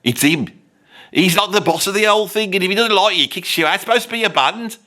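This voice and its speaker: Talking fast in a high-pitched, expressive, pushed and bright voice, a man voices a comedy character: a cranky Birmingham rocker in his sixties with a Birmingham accent. The rant is rambling and grumbling, thick with constant swearing.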